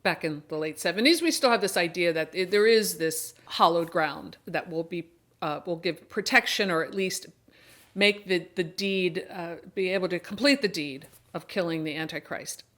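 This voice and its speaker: A woman's voice: lowish voice, normal speed, fairly bright tone. Woman eagerly retelling a horror plot. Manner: enthusiastic plot retelling with many restarts. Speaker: horror book and film channel host. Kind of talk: casual film and book review monologue.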